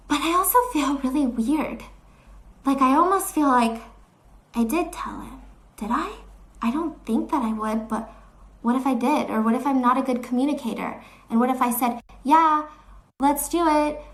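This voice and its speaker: A woman with a high-pitched voice tells a personal story. She sounds earnest and shaken, often doubting herself as she talks it through. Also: fairly bright tone. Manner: earnest, shaken, self-questioning. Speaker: storyteller vlogger.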